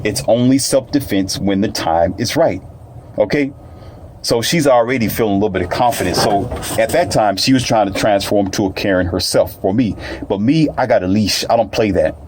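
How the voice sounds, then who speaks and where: A man's voice: on the low side, normal speed, darkish tone, a little hiss or hum. A man telling a personal story in casual, colloquial speech, repeating phrases and addressing listeners directly.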